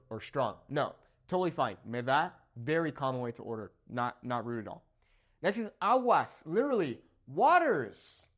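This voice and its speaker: A young man from Southern California teaches slang to the camera in an upbeat, animated way. His voice sits fairly high and swings widely in pitch, leaping up on key words and dropping into low asides. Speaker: Spanish teacher. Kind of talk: energetic vocabulary lesson to camera.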